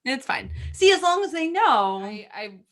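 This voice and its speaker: A woman's voice: high-pitched, big pitch swings, normal speed. A woman, an opera singer co-hosting a casual chat, who talks in a gushing, rambling way.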